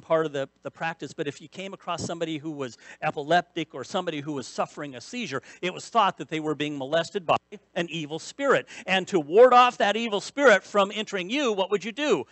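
A man's voice: fairly high pitch, a bit bright, no echo. A man preaching a sermon as pastor, bursting into emphasis and repeating key phrases. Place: church sanctuary.

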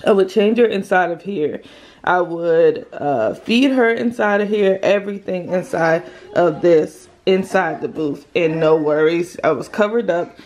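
A woman's voice: on the low side, a little mellow. A young woman vlogging casually as a mom, chatting and explaining hands-on as she demonstrates a stroller at home. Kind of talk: casual demo vlog.

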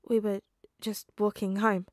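A woman's voice: mid-range voice, little pitch movement, no echo, clean studio sound, natural voice. Woman voicing a hesitant teenage boy. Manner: hesitant, halting with ums. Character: nervous grieving teenage boy.

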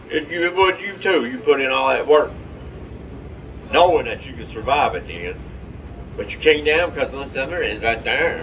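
A man giving excitable, profane, trash-talking commentary over his own gameplay. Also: mid-range voice, distant mic.

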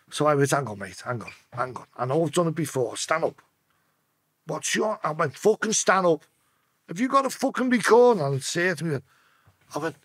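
A man's voice: lively intonation, normal speed, breathy edge, no room sound. Profane Liverpool man acting out his stories. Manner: profane, acts out quoted voices with sharp pitch swings. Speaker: podcast guest. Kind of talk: casual storytelling interview.

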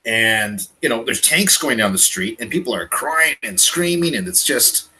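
A man from Canada talking in a casual prepping chat, animated and emphatic, often repeating words. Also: mid-range voice, normal speed, few pauses, poor audio. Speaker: guest on a prepping livestream.

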